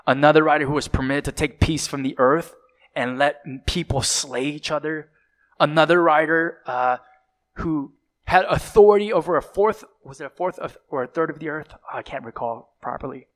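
A man's voice: fairly high pitch, moderate pace, fairly bright tone. A man preaching a sermon, building dramatic emphasis and sometimes dropping to a whisper, with occasional fillers and self-corrections.

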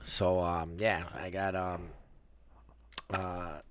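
A man chatting casually as a podcast co-host, relaxed and casually profane. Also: low-pitched, very slow, slight background noise. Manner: relaxed, swears casually, brief replies. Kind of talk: casual chat.

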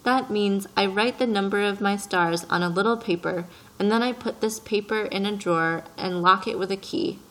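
A woman's voice: medium pitch, normal speed, few pauses, natural voice, rough recording. A fussy, self-important businessman speaks with precise, slightly raised force, as a woman reading an audiobook puts him on. He is peevish and pompous, a middle-aged man sure of his own importance.

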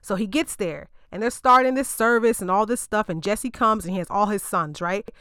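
A woman's voice: medium pitch, moderate pace, fairly bright tone, smooth, no room sound, clean studio sound. A woman podcast host retelling a Bible story in casual slang, with joking asides to her listeners.

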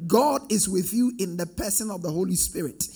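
A man's voice: high-pitched, animated, moderate pace, vocal fry, mellow, husky, soft background music. A man preaching a sermon with call-and-response, rising into sing-song emphatic swells.

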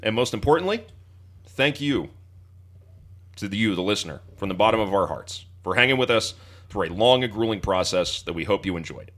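Low-voiced, bright podcast host. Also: male voice, animated, fairly quick. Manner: mock-formal, earnest thanks with dry jokes. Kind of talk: casual podcast chat and scripted sign-off.

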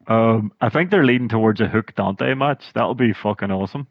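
A man's voice: lowish voice, fairly quick, no echo. Scottish man, podcast co-host, casual, laughs a lot, dull dry lo-fi sound. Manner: chatty, laughs often, animated storytelling. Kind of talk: casual chat.

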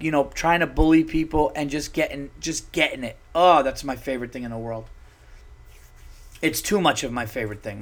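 A man hosting a solo podcast, telling stories in an animated, profane, worked-up way. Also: fairly high pitch. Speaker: podcast host. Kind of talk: casual solo podcast storytelling.

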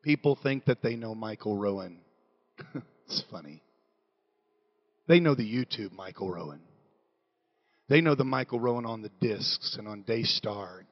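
A middle-aged man preaching a sermon in a church, moving between quiet confession and loud shouting. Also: fairly low pitch, a little slow, long pauses, dull audio.

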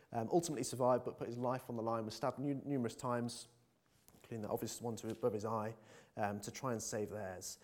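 A man's voice: mid-range voice, darkish tone. A man preaching a conversational sermon in a church, earnest and full of fillers, building to emphatic appeals.

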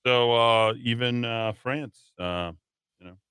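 Bright-voiced man hosting talk radio. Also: medium pitch, takes it slowly, clean tone, no echo. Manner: rambling, reads headlines then riffs with filler words. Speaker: radio talk show host. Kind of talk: talk radio news rundown with asides. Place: radio studio. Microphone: studio microphone.

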